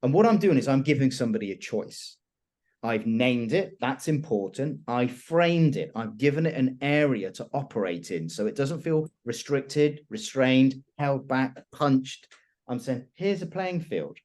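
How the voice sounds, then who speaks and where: Animated man teaching conversation skills. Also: mid-range voice, unhurried. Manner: animated, expressive, laughs often. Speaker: hypnosis and influence trainer.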